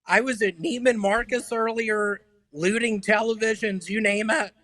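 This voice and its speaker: A man doing a stand-up set, delivering deadpan one-liners with hesitant fillers between jokes. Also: high-pitched, moderate pace, no room sound, poor audio. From Memphis, Tennessee. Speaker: stand-up comedian.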